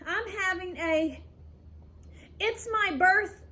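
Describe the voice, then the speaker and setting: A shy, nervous schoolgirl, voiced by a woman, stammers and hesitates. Her voice stays high and slow. It belongs to a storybook read to children. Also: sharp tone, a little hiss or hum, full character voice.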